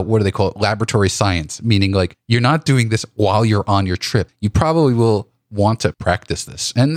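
A man's voice: on the low side, no echo, studio quality. A man co-hosting a casual photography podcast, thinking aloud with restarts and repeated words. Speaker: podcast co-host. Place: home office.

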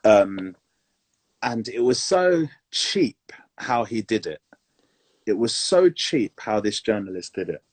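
A man's voice: on the low side, big pitch swings, slow, husky. A man co-hosting a podcast, joking around and stumbling over restarts. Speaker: podcast co-host. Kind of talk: casual chat.

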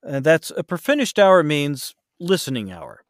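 A man's voice: a little high, sing-song, moderate pace, no room sound, studio quality. A man who narrates audiobooks, chatting casually in an interview, rambling with many fillers and restarts.

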